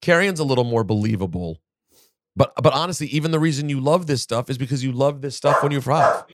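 Emphatic man arguing on a podcast. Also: mid-range voice. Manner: emphatic, argumentative, quick to push back. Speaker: podcast host. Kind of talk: casual chat.

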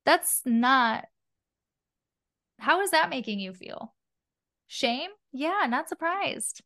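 Fairly high-voiced woman chatting on a podcast, expressive, swears casually. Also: takes it slowly. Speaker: podcast guest, spiritual mentor. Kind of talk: casual conversational interview.

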